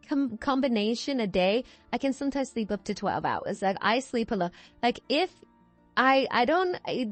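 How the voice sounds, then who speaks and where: A woman in her twenties, tired and yawning, recording a chatty, meandering voiceover at home and often correcting herself mid-sentence. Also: medium pitch. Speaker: video creator. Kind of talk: casual rambling voiceover. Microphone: voiceover microphone.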